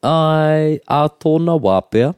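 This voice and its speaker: A man co-hosting a language lesson, patiently explaining words and repeating them slowly. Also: a little high, a little mellow, clear, resonant tone, no room sound. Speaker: language teacher and co-host. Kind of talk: bilingual language lesson chat.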